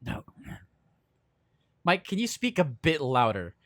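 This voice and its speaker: A man with a slightly high voice chats loosely through a movie commentary, drifting off into tangents and half-remembered quotes. His voice sounds close and dry. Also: big pitch swings, slow, fairly bright tone, no echo. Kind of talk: casual movie commentary chat.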